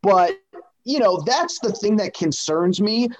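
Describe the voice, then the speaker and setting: A man's voice: sits high, animated, measured pace. A man co-hosting a casual sports podcast, talking in a rambling, emphatic way with many fillers and restarts. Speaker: sports media podcast co-host. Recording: dull lo-fi audio.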